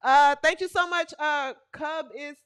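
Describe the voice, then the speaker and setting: Female host, comic sports rant, mocking and dramatic; bright tone, slow deliberate delivery. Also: sits high, dry recording, studio quality. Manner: animated, mocking, exaggerated hollering. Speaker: show host. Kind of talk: comic sports commentary livestream.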